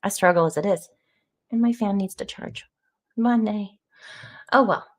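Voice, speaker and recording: A woman's voice: medium pitch, unhurried. A woman hosting a casual live stream of an AI text adventure, chatting loosely with lots of fillers and greeting viewers.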